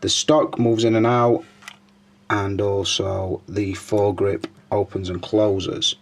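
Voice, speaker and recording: Man, lowish voice, casual toy review, informal, chatty. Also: flat delivery, takes it slowly, gravelly. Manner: chatty, informal, hesitant with fillers. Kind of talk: casual product walkthrough.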